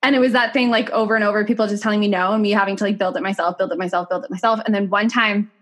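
A bubbly young woman chatting casually as a podcast guest, animated and swearing freely. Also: medium pitch, very fast.

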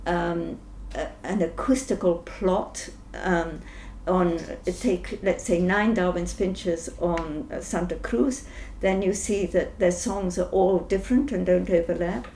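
An older woman scientist answering interview questions thoughtfully, pausing often with ums and restarting sentences. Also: lowish voice, warm tone. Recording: roomy echo, faint background noise.

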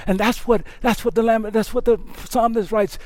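A male pastor delivers a sermon in a high voice, dropping to near hushes and then climbing into fervent shouts. He stumbles over repeated words as his intensity builds. The sound is dry and close, with no room around it. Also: steady tone, normal speed, no echo. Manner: impassioned preaching, swings from hushed to shouting.

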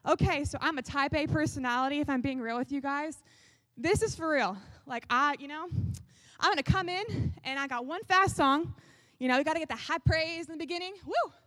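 A woman worship leader doing a sarcastic comedic sketch, animated and breaking into shouts and sung snippets. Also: high-pitched, a little fast, dry recording.

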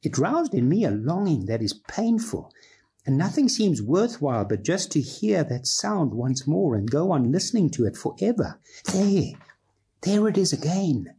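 A man voicing a gentle, awestruck male water rat from a storybook, read in a husky, longing tone. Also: fairly high pitch, big pitch swings, moderate pace, voice pushed up, full character voice. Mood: awed. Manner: hushed, longing storybook reading.

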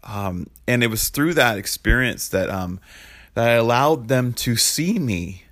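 A man's voice: mid-range voice, expressive, a little slow, fairly bright tone. A man in his thirties preaching a sermon in a loose, confessional way, full of "like" and "man", who speaks as a pastor. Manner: conversational and confessional, lots of fillers like "like" and "man".

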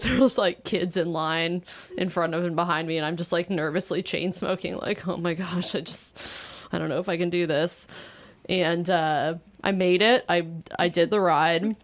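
A woman's voice: on the low side, fairly even intonation, normal speed. A woman with a Kentucky accent telling a self-deprecating story with laughter in casual podcast chat. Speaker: podcast guest.

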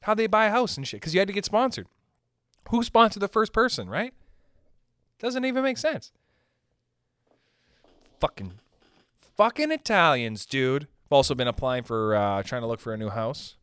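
A young man from Canada doing a rambling, profane stand-up monologue, pushing his pitch up and down for emphasis. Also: sing-song, moderate pace, pauses often, fairly bright tone, smooth, no echo. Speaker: stand-up comedian.

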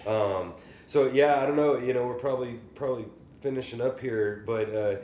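A man's voice: medium pitch, darkish tone. A man hosting a music podcast, asking questions in a hesitant, casual way full of "like" and "I mean". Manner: hesitant, fills pauses with "like" and "I mean". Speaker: podcast host. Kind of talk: casual interview. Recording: echoey room, faint background hum.

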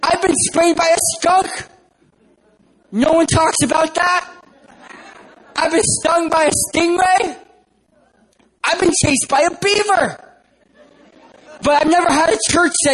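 A man's voice: extremely high pitch, takes it slowly, pauses often, fairly bright tone, some chatter behind, a little hiss or hum, poor audio. A man from San Diego, California, giving a humorous sermon as a guest preacher and telling self-deprecating stories about himself. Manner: self-deprecating, joking storyteller. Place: church.

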